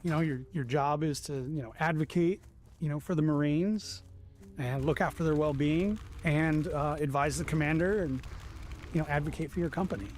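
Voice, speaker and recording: Man, slightly high voice, former first sergeant, casual storytelling, rambling and profane. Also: moderate pace, a little mellow, faint music behind. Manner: profane, rambling, heavy on fillers.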